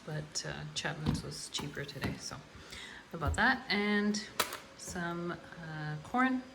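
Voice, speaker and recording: A middle-aged woman hosts a casual grocery haul vlog, chatting in an unhurried way with many ums and uhs. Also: lowish voice, expressive, vocal fry, background noise. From Canada. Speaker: host.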